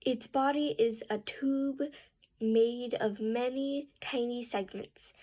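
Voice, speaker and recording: A woman reading a book aloud slowly and carefully, with restarts and a rising pitch at sentence ends. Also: steady tone, mellow. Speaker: reading student.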